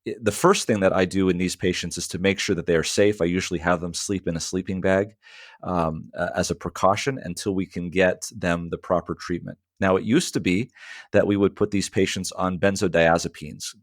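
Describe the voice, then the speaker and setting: A man's voice: low voice, fairly even intonation, a little fast, dry recording, studio quality. A man, a sleep medicine doctor, explaining clinical matters in a radio interview, with frequent fillers.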